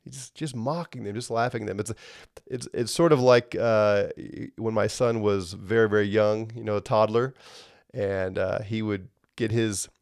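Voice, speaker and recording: A man teaching a Bible lesson with a low, gravelly voice. He talks conversationally and keeps checking in with "right?", and the dry, close sound carries no room echo. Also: fairly even intonation, normal speed, darkish tone.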